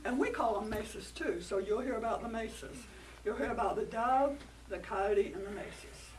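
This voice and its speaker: A woman telling a folktale to children, animated and coaxing them to join in. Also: on the high side, moderate pace. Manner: animated, coaxing, interactive with listeners. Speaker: storyteller. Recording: distant mic, noisy room.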